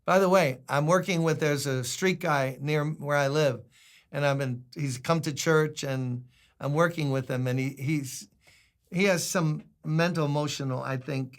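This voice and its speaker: An older man preaching a sermon as a pastor, conversational and humorous, acting out quotes. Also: medium pitch.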